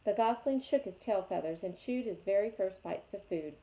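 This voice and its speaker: A woman reading a chapter book aloud with lively, expressive storytelling. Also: mid-range voice, normal speed. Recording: tinny phone-like sound.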